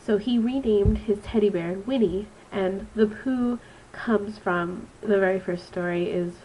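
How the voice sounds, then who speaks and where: A woman's voice: mid-range voice, measured pace, dark tone, a little hiss or hum, poor audio. A woman in her twenties with a stuffy, nasal voice from allergies, giving a rambling, casual book review on her vlog. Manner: chatty and rambling, with frequent ums. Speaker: student teacher reviewing a book.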